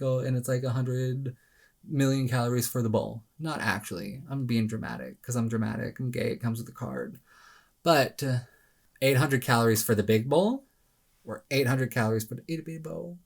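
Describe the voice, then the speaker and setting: Here a man speaks directly to camera with laid-back advice on losing weight, lively and self-deprecating, his voice jumping abruptly and theatrically in pitch.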